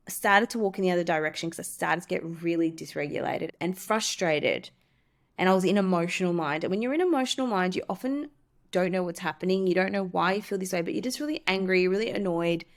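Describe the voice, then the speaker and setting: A woman, a podcast host and coach, candidly telling a personal story and teaching self-help steps, acting out the voices she quotes. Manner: candid, acts out quoted voices with lively pitch jumps.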